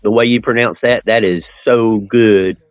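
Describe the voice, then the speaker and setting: A man's voice: lowish voice, fairly even intonation, moderate pace, smooth, no room sound, lo-fi sound. An American man co-hosting a live stream chat, asking curious questions and enthusing about pronunciation. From United States.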